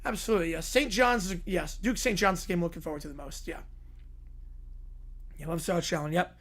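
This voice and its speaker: A hoarse man streaming, giving quick offhand replies to chat in a casual Q&A. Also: sits high, a bit bright. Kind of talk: casual livestream Q&A.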